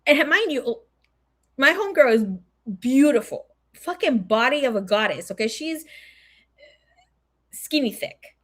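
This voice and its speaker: Young socal woman spilling a story, cussing nonstop, voice sits kinda high. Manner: animated, swears a lot, acts out quotes. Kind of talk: casual storytelling.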